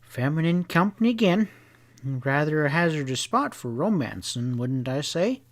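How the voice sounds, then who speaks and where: An airy Englishman with an English accent, put on by a man, speaking in a high, drawling voice. He sounds genteel and unhurried, pitching each phrase well above an ordinary man's speech. It is a character from an audiobook western. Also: very animated.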